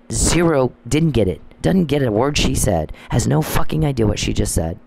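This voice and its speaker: A man with a gravelly, creaky voice talks straight into the mic in a loose, unscripted monologue. He is blunt and emphatic and swears freely. His pitch sits in an ordinary middle range. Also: animated, normal speed, few pauses, darkish tone. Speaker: commentator. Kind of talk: casual monologue.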